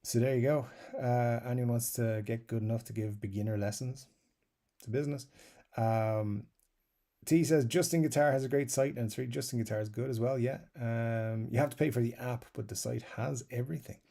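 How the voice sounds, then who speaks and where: A man with a gravelly, low-set voice that has a warm, mellow tone. He hosts a live stream, casually reading viewer comments aloud and waffling through his answers, with fillers and easy chuckles. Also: fairly even intonation, brisk. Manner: rambling, self-described waffler, many fillers. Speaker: guitar channel host.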